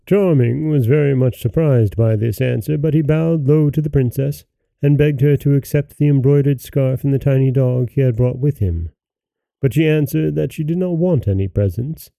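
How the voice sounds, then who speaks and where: A man hosting a podcast, reading a fairy tale aloud in a calm, measured way. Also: mid-range voice, gravelly, no room sound. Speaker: podcast host and storyteller.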